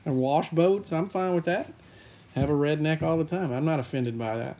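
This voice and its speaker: A man's voice: on the high side, moderate pace, warm tone. A young man from Louisiana's North Shore, chatting casually on a podcast in a laid-back, easygoing way. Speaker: podcast host.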